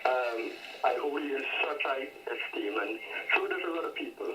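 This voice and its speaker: A man in his fifties phoning in to a radio show, earnest and admiring, speaking with pauses. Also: mid-range voice, lively intonation, far from the mic. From London. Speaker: radio caller, former pupil. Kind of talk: phone-in call. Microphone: telephone. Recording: noisy phone line.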